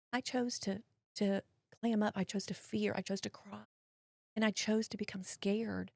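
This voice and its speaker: A woman's voice: medium pitch, measured pace, gravelly, dry recording, clean studio sound. A middle-aged woman, a guest telling a personal story in an interview, acting out what people said to her. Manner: animated storyteller acting out quotes, drawling voices.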